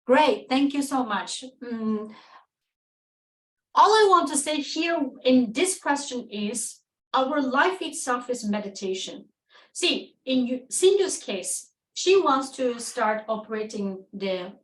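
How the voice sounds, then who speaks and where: Enthusiastic high-voiced woman hosting a webinar. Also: a bit bright, reverberant, distant mic, poor audio. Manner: enthusiastic, acts out quoted dialogue, laughs often. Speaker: webinar co-host. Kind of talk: webinar talk.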